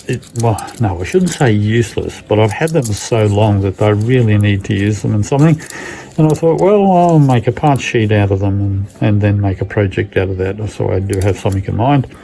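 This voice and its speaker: Croaky-voiced man hosting a craft tutorial. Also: fairly low pitch, mellow, a little hiss or hum, rough recording. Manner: hesitant, many ums and uhs. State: croaky voice from lingering illness. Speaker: glass fusing tutorial host. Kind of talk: casual tutorial talk.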